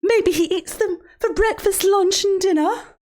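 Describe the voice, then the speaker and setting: With an extremely high pitch, a slightly slow pace, and a little mellowness, a woman streamer role-plays a sinister children's show hostess live. She keeps a mock-sweet, sing-song tone, then suddenly swears.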